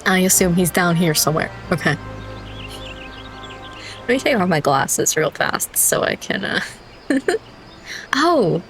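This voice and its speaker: A woman's voice: lowish voice, sing-song, a little slow, long pauses, fairly bright tone, faint music behind. Giggly woman reading game dialogue. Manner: giggly, breaks into laughter while reading. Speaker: game streamer.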